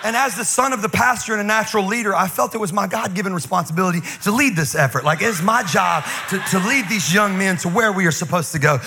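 Animated, high-voiced preacher man. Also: over music. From North Carolina. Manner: animated, fast, full of asides and laughter. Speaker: pastor. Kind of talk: comedic sermon storytelling.

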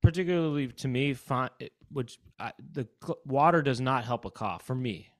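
A man's voice: mid-range voice, moderate pace, no echo, clean studio sound. A man co-hosting a comedy podcast, rambling through casual chat and breaking into silly sneeze bits. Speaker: podcast co-host.

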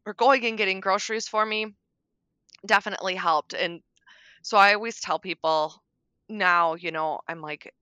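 A middle-aged woman on a podcast, talking candidly about grief, frank and darkly joking, sometimes soft-spoken. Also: medium pitch, fairly even intonation, moderate pace, clean tone, no echo. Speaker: podcast guest.

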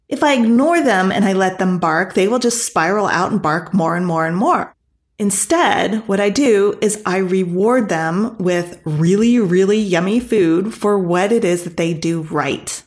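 A woman giving a motivational talk to artists, direct and coaxing. She keeps pulling the listener in with quick check-ins and an animated, encouraging delivery. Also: mid-range voice. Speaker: coach for artists.

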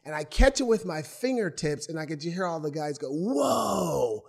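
A man's voice: fairly high pitch, fairly quick. A man from Portland, Oregon, a former athlete, telling his own stories in an interview and acting out what others said. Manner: animated, acts out voices in his stories. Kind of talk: storytelling in an interview.

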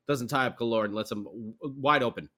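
A man hosting a podcast, recapping a hockey game in a rambling, animated way with lots of fillers and restarts. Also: mid-range voice, normal speed. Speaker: podcast host.

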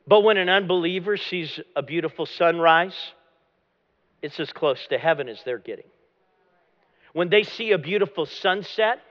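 A man preaching a dramatic sermon as pastor, often dropping to a low hush at the end of a phrase. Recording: long hall reverb, dull lo-fi sound.

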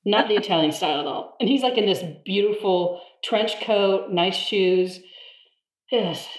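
Woman, lively storyteller, laughs a lot, mimics voices, echoey room. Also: mid-range voice, a little slow. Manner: animated, laughs often, mimics others in quotes. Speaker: guest. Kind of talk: casual storytelling in conversation. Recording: roomy echo.

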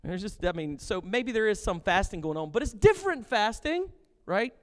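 A pastor preaching a sermon with passion and jokes, animated and lively in his delivery. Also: high-pitched, normal speed. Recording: long reverb of a hall.

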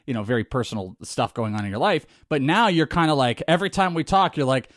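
A man co-hosting a sports podcast, reading an ad and bantering with his co-host in a loud, jokey, excitable way. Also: mid-range voice, quick pace, no room sound, studio quality. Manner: loud, excitable, jokey, swings into goofy voices. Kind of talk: energetic podcast banter and ad read.

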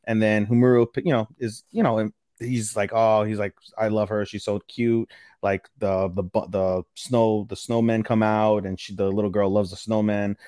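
A man's voice: lowish voice, little pitch movement, moderate pace, mellow, clean tone, no room sound, studio quality. A man casually recapping an anime episode on a podcast, rambling, stumbling over names and swearing now and then. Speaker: podcast co-host.

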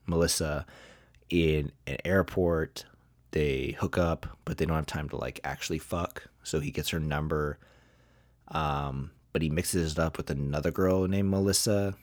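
Deep-voiced man ranting about bad movies. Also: a little mellow, no echo, clean studio sound. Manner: blunt, profane, rambling with many fillers. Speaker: podcast host. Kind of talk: casual movie review ranking.

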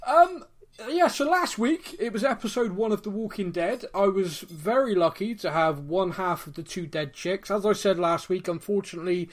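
A man's voice: sits high, moderate pace. A man hosting a podcast in casual chat, teasing his co-host and laughing often.

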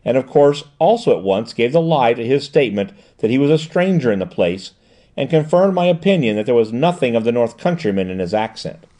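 A man's voice: mid-range voice, dark tone, close to an everyday voice. A man reading a composed woman detective. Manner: precise, measured explaining.

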